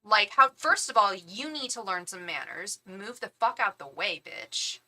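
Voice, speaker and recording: A woman hosting a live tarot stream, telling a story in casual, animated chat, acting out what people said and swearing as she vents. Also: medium pitch, moderate pace.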